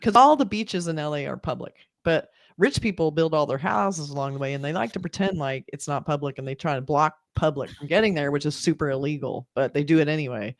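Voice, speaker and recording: A woman co-hosting a casual film review, chiming in with quick reactions and asides. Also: low voice, no echo, clean studio sound.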